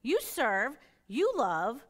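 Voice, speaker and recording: A woman's voice: a little high, big pitch swings, drawn-out words. A middle-aged woman, a church elder, giving an earnest sermon-style testimony and acting out her own inner dialogue as she tells her story.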